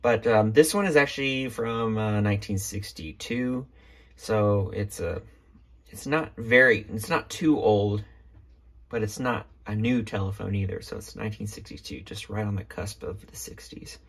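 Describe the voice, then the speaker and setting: A man's voice: on the low side, normal speed, fairly bright tone. A man hosting a casual show-and-tell vlog about an old phone from his collection, talking with many ums, uhs and restarts. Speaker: vintage telephone collector showing a phone.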